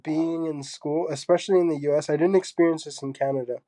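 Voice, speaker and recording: Soft, mellow young man, halting speech. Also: a little high, fairly even intonation, no room sound. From Zambia. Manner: soft-spoken, halting, many fillers. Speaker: guest artist. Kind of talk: casual interview chat.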